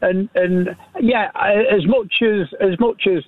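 An older man with a British accent calling into a radio show, talking in a rambling, halting way. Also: high voice, no echo. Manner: rambling, halting, many restarts. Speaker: caller. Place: on a phone line. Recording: tinny phone line.

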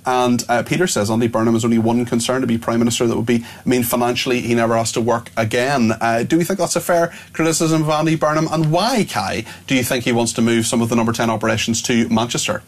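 A husky-voiced man with a Northern Irish accent hosts a radio talk show at a brisk clip. He chats with his guests, laughs easily and reads out listener messages between questions. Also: mid-range voice, little pitch movement. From Northern Ireland. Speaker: radio presenter. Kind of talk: live radio discussion.

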